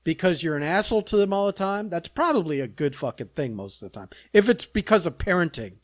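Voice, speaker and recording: Guy co-hosting a podcast, restarts a lot, swears casually, higher-ish voice. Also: very animated. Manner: halting, profane opinion-giving. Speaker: podcast co-host. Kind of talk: casual chat.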